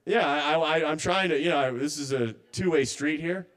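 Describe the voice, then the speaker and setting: A man works through a stand-up set at a small live open mic. His voice sits a little high, and he rambles, stammers and restarts as he second-guesses his own material. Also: brisk, fairly bright tone.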